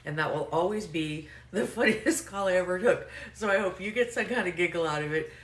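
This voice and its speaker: A middle-aged woman with a Southern US drawl tells a story with easy, profane humor. Her voice sits low. She sounds a little far from the mic in an echoey room, with faint background hum. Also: a little fast. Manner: profane, joking, conversational. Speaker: vlogger and life coach. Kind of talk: comic storytelling. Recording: roomy, distant mic with faint noise.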